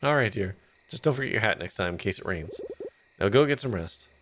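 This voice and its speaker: A man's voice: lowish voice, lively intonation, a little fast, a bit bright, slight background noise. A man voicing a doting, scolding mother bear in a video game. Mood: tender. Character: fussy, worried mother bear.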